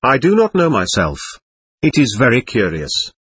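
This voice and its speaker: A man reading aloud as an indignant, bewildered ghost who denies being dead, in a husky voice. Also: mid-range voice, huge pitch swings, normal speed, fairly bright tone, no room sound, exaggerated voice. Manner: defiant, suspicious and bewildered. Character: indignant confused ghost of a dead adult, hostile.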